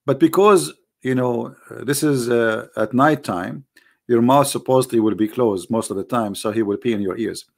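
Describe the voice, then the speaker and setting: A man with an Arabic accent delivers a mocking, sarcastic monologue to his online audience. He speaks English as a second language, and his voice sits at an ordinary middle pitch. He keeps challenging the listeners with rhetorical questions. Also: normal speed, gravelly, darkish tone. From Arab world. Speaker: online religion critic.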